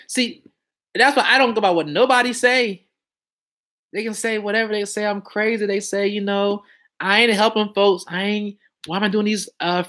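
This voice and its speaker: A man's voice: high voice, pushed and bright. A man talking loosely and confidently on a casual live stream about taxes and credit. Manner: loose, conversational, slangy and self-assured. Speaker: credit and tax educator.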